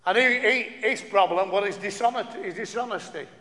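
A man's voice: high-pitched, brisk, bright, forceful tone. A man preaching a sermon, stumbling over restarts and asking the listeners rhetorical questions. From northern England. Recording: long hall reverb.

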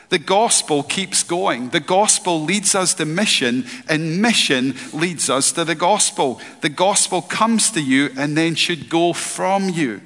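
A man's voice: a little high, pushed and bright. A middle-aged man from Scotland preaching a sermon and sharing his personal testimony with earnest, repeated emphasis. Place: church hall. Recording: long echo in a large hall.

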